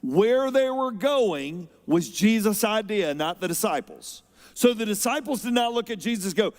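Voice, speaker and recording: A man preaching a sermon as pastor, expressive, moving between loud emphasis and quiet, unhurried stretches. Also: high-pitched. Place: church auditorium. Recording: long hall reverb.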